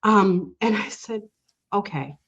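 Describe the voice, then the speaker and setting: A woman with a lowish voice tells a personal story in conversation. She is earnest and emotional, and her words tumble out with fillers and nervous little laughs. The audio sounds dull and lo-fi. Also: normal speed. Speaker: guest.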